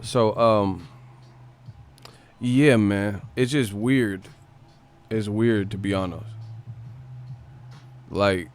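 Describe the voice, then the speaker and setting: A young man hosts a casual live stream. His speech is loose, slangy and profane. His pitch sits in the middle range. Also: slow pace, long pauses. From Northern California. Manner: slangy and profane, mocks with put-on voices and laughter.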